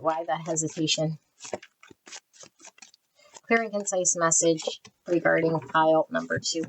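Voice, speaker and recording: A woman giving a casual, rambling tarot card reading, often restarting phrases and sometimes shifting into a soft prayerful tone when calling on spirit. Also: on the low side, slight background noise. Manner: chatty, repeats and restarts phrases, intuitive rambling. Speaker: tarot reader.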